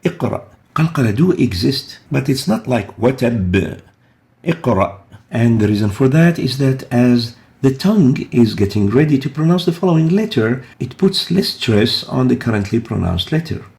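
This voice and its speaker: A man teaching a recitation lesson, explaining each rule patiently and repeating example words slowly. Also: mid-range voice, expressive, gravelly, darkish tone. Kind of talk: explaining tajweed rules step by step.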